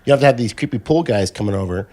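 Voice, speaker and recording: Lively joking man with a swinging voice. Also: lowish voice, racing. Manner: lively, joking questions, wry asides. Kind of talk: crude casual chat.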